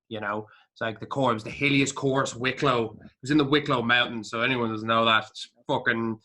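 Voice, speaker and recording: A man's voice: mid-range voice, steady tone, brisk, hardly any pauses, sharp tone. An Irish man co-hosting a casual podcast chat, talking bluntly and intensely with heavy swearing. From Ireland. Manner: intense, motivational. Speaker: podcast co-host.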